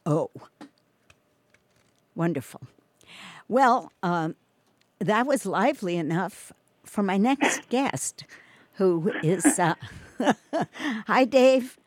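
A woman's voice: mid-range voice, lively intonation, very slow, long pauses, no echo. A woman hosting a community radio show, chatting casually with a guest, laughing often and using many fillers. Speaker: radio host.

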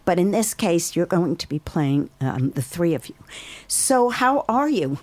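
A woman from Brooklyn hosting a casual interview, chatty and quick to laugh at herself. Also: fairly low pitch, big pitch swings, a little mellow, no echo. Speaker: radio host.

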